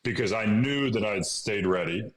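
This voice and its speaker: Deep-voiced man telling a story. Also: moderate pace, crowd noise. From Illinois, USA. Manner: animated, acts out dialogue, laughs often. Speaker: podcast guest. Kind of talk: casual interview storytelling. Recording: echoey room.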